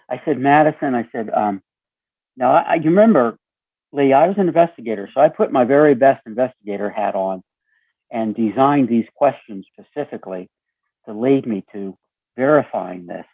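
A man with a raspy voice telling a story as an interview guest, acting out the dialogue with lively shifts. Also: mid-range voice, no echo. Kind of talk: storytelling conversation. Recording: tinny phone line.

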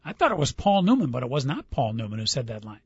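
A man's voice: mid-range voice, very animated, quick pace, vocal fry, breathy edge, no echo. A man hosting a casual sports talk radio show, quizzing his co-host on movie lines and reading them aloud. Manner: upbeat quizzing, reads lines aloud, laughs easily. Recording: dull dry studio sound.

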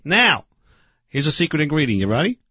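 A blustering know-it-all barbecue guy, put on by a man for a comedy sketch, bossing everyone around and talking over them. The voice sits high and swings all over, with a bright, forceful edge. The recording is dry and a bit dull. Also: very animated, a little fast, husky, no echo, full character voice. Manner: bossy, blustering, keeps interrupting, mangles words. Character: brash loudmouth male grill-master "Barbecue Man".

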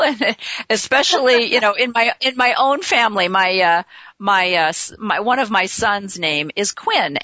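Woman host, 50s, bright and gushing, dry slightly muffled talk-radio sound. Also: fairly high pitch, no room sound. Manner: effusive, rambling. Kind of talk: internet radio talk show.

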